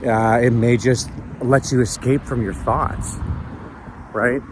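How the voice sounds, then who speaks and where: A man's voice: medium pitch, steady tone, slow, background noise. Reflective man vlogging outdoors. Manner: reflective, rambling with many restarts and "right?" tags. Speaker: sober vlogger. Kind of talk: casual walking vlog monologue. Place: outdoors on a city street at sunrise.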